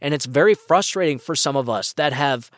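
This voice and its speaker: A man hosts his own political podcast, giving an impassioned, emphatic solo opinion monologue that rambles with frequent restarts. His voice is on the high side, expressive, a little fast and a bit bright. The recording comes from a podcast microphone and is dry with clean studio sound.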